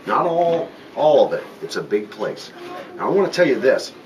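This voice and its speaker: A man in his forties with a Southern US accent tells stories to his airboat passengers, folksy and full of jokes. His voice sits in a middle register. He is caught from a distance on a tourist's camera out of doors, with clear background noise around him. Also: mid-range voice, big pitch swings, normal speed, dull audio. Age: 40s. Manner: folksy, joking, dramatic storyteller. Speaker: airboat tour captain. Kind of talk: storytelling tour talk. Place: outdoors on an airboat in the swamp. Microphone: tourist's camera some distance away.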